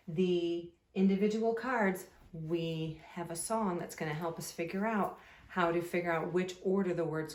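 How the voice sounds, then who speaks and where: A woman teacher leads a phonics lesson for young children at an unhurried pace. Her delivery is patient and sing-song, drawing words out. The room adds a noticeable echo. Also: fairly low pitch, darkish tone.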